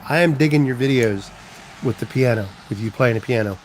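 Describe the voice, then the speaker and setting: A man's voice: medium pitch, a little fast, a little hiss or hum. A man on a casual live stream, telling rambling stories and answering viewers' comments. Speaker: trucker livestreaming, reading chat.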